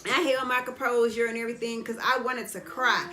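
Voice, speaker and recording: A middle-aged woman telling a story in an animated, casual way while getting her hair done, often checking whether the listener understands. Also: fairly high pitch, a little fast, roomy sound. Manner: animated retelling, keeps asking "you understand?". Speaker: vlogger. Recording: busy background chatter.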